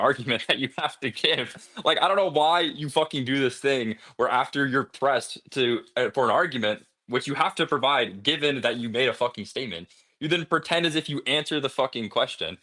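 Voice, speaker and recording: A man's voice: medium pitch, bright, forceful tone. A man arguing in a heated online debate, aggressive, mocking and full of profanity.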